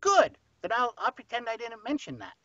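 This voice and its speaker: A man's voice: very high-pitched, huge pitch swings, normal speed, sharp tone, heavily acted. A man voicing a playful, mischievous young male sidekick character who co-hosts a podcast, teasing the guest and spinning silly stories. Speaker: co-host. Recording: dry, slightly muffled podcast audio.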